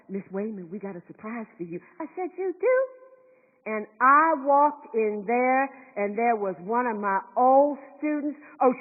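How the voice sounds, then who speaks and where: A woman performing a fervent middle-aged school principal on a concert hall stage, telling stories emphatically and acting out the voices of the people she quotes. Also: high voice. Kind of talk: verbatim theatre monologue. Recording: echoey hall, thin tinny sound.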